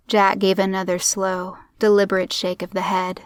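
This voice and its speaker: A woman narrating a crime story in a steady, measured audiobook reading. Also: mid-range voice, clean tone, no room sound.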